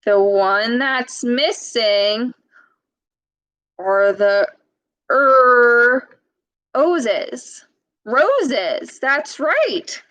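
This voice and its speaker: A woman reading a storybook to children and leading a speech lesson, modeling sounds slowly and patiently with exaggerated emphasis. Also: fairly high pitch, very animated, no echo, rough recording.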